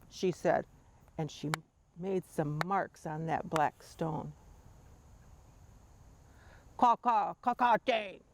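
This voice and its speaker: An older woman telling a family story to her grandchildren in a measured, tender way. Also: on the low side, gravelly, darkish tone.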